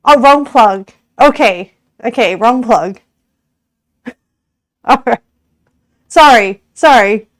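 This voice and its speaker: A woman's voice: on the high side, lively intonation, slow pace, long pauses, no echo, studio quality. An Australian woman streamer chatting casually with her viewers while cooking, giggly and rambling, often correcting herself.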